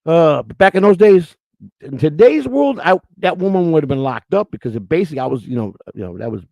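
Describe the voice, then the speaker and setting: A man's voice: on the high side, sing-song, brisk, vocal fry, a little mellow, no echo, poor audio. A middle-aged man hosting a podcast, loosely joking and teasing people in his chat room by name in crude banter. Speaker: podcast host.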